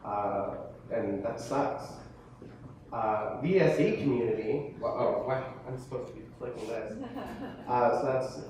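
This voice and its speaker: A young man in his late teens, a student, gives a presentation to an audience in a large hall or classroom, joking at his own expense and often stammering and restarting. His mid-range voice is a little slow and a little mellow. The recording picks him up from a distance in an echoey room, with a little hiss or hum.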